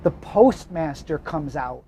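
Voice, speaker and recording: A man's voice: fairly high pitch, expressive, slow, dark tone, slight background noise, poor audio. A man hosting a travel vlog, telling rambling anecdotes inside a moving car. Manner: rambling, self-correcting anecdotes. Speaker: vlog host. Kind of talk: casual storytelling chat.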